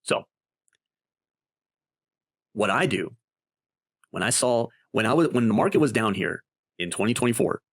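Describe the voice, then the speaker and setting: A man's voice: fairly low pitch, measured pace, pauses often, no room sound, clean studio sound. A man hosting a casual crypto investing walkthrough, talking through his screen in a chatty way and often tagging sentences with "right?". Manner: animated and conversational, with many tag questions. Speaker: crypto investing video host. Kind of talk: casual screen-share explainer.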